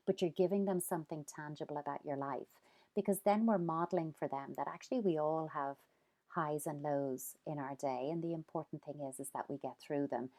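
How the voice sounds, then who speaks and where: Low, mellow woman giving advice. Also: steady tone, fairly quick. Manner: earnest, explains with quoted examples. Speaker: parenting expert guest. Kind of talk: advice in a podcast conversation.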